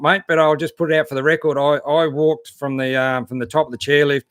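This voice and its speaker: Australian man, relaxed chatty host, plenty of ums and restarts, dry close mic. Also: fairly high pitch, brisk, clear, resonant tone, no echo. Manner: laid-back, matey, lots of fillers and restarts. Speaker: 4WD channel host. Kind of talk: casual live-stream chat reading viewer comments.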